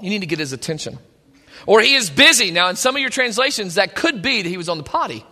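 A man's voice: high-pitched, sing-song, fast talker, pushed and bright, long reverb tail. A man preaching a sermon, reading scripture and retelling it in casual modern speech.

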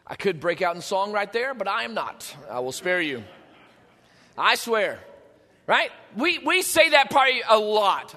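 Male pastor, high bright voice, lively preaching with jokes, reverberant hall. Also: moderate pace. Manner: animated, conversational preaching with joking asides. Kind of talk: sermon. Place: church sanctuary.

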